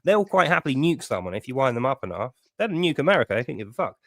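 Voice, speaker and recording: A man's voice: mid-range voice, big pitch swings, fast talker, a loud crowd. A British man hosting a live online debate, talking bluntly and casually, with frequent swearing. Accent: British English. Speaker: host.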